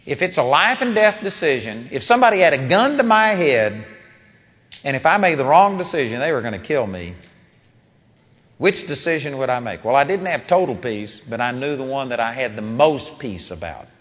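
A man preaching a sermon, telling a personal story with animated rises and quiet drops when quoting people. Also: mid-range voice, moderate pace. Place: large seminar hall. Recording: long reverb of a large hall.

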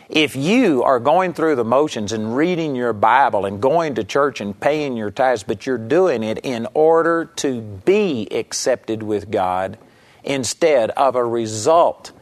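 A middle-aged male pastor preaching a broadcast sermon with an animated, storytelling delivery. His pitch climbs sharply when he quotes people and sinks low and quiet when he drives a point home. He has an average-pitched voice. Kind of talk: radio sermon teaching.

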